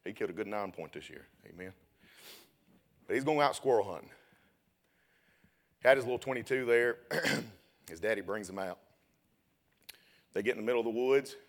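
A young man preaching a sermon, telling a story and then building to loud, shouted preaching. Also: fairly low pitch, lively intonation, moderate pace, long pauses.

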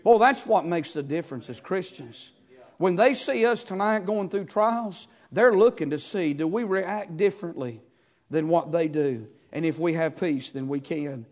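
A male pastor preaches a sermon with building fervor, throwing call-and-response questions at the congregation. His voice is fairly high in pitch with a darkish tone.

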